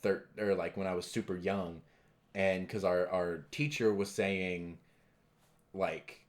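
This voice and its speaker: A man's voice: deep voice, fairly even intonation, unhurried. A young man co-hosting a podcast, telling stories loosely with lots of fillers. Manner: loose storyteller, filler-heavy. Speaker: podcast co-host. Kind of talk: casual chat.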